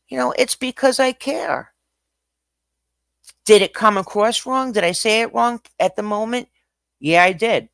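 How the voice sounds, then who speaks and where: A man hosting a livestream, talking casually in an animated, ranting way that swings from quiet to loud. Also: sits high, no room sound, studio quality. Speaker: livestream host.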